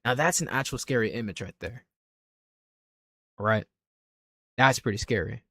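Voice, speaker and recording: A man's voice: medium pitch, moderate pace, fairly bright tone, no room sound. A man streaming casually, ranking images with blunt, offhand remarks and frequent swearing. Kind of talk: casual livestream commentary.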